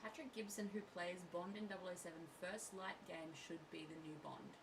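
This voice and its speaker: A woman's voice: on the low side, a little fast, creaky, background noise. A woman chatting casually and dryly with a stream host. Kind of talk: casual chat.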